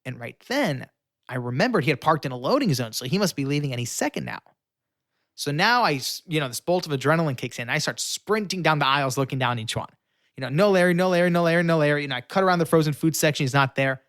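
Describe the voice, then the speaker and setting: A young man telling a story with lively energy, filling it with fillers and acting out the voices of the people in it. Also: fairly high pitch, quick pace, dry recording, clean studio sound. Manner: acts out quoted voices, shouting and pleading; frequent fillers. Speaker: guest storyteller. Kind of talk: animated storytelling.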